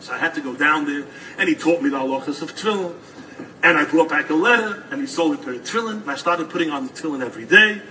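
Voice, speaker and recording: A man with preaches through a story, his voice high and bright. He builds from animated telling to fervent exhortation. He sits a little far from the mic, with a faint noise under him. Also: quick pace.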